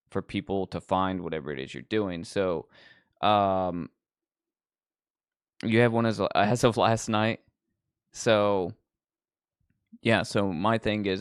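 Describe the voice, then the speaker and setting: A man's voice: low-pitched, smooth, no echo, studio quality. A man hosting a livestream, rambling casually with lots of ums and likes. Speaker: livestream host.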